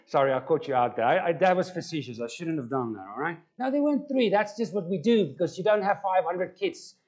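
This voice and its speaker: A man's voice: a little high, lively intonation, brisk, darkish tone. A man preaching a conversational sermon and putting questions to the congregation. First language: Afrikaans. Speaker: pastor.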